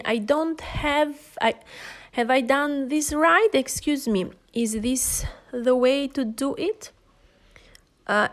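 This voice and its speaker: A woman with an Albanian accent leads an English class, working through lists of useful phrases one by one. Her voice sits a little high, and she speaks with careful pauses, hesitations and restarts. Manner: slow, careful delivery with frequent hesitations and restarts. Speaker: English teacher. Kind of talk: classroom lesson reading example phrases.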